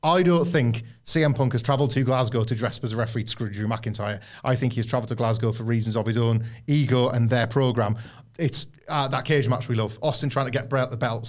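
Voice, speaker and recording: A man in casual podcast chat with a mid-range voice. He rambles, restarts his sentences and slips into quick acted-out quotes. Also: mid-range voice. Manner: rambling, self-interrupting, acts out quotes. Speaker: podcast co-host.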